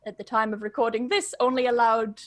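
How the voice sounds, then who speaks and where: A young woman, a podcast guest telling her story in a chatty, quick way and laughing often. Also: a little high, flat delivery, a bit bright, dry recording, studio quality. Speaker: podcast guest, English pronunciation teacher. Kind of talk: casual storytelling interview.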